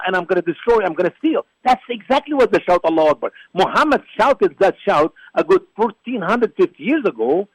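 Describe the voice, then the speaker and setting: A man speaks with forceful, preacher-like emphasis, hammering points home through repetition. His voice sits high for a man and swings widely in pitch. The sound is dry and close, with no room behind it. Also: no echo, rough recording. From Egypt. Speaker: guest, ministry founder. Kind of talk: emphatic religious talk show commentary.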